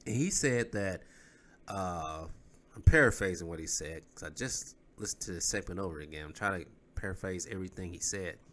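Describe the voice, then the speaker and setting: Rambling man with a bright voice. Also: deep voice, animated, a little fast. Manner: rambling, conversational, many fillers. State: recovering from flu, cough drop in mouth. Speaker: YouTube sports commentator. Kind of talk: casual vlog talk.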